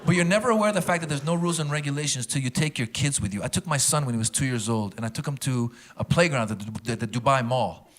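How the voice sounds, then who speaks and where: A middle-aged man performing a stand-up comedy set before a live audience, telling animated stories and slipping into character voices. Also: mid-range voice, fast, few pauses. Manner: animated storytelling, switching into accented character voices. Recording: loud crowd and noise from a live show.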